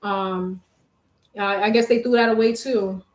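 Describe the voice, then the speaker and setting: A woman's voice: medium pitch, fairly even intonation, unhurried. A young woman livestreaming from her bedroom, chatting candidly with viewers in slangy talk while out of breath from making her bed. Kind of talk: casual livestream chat. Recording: echoey room with faint noise.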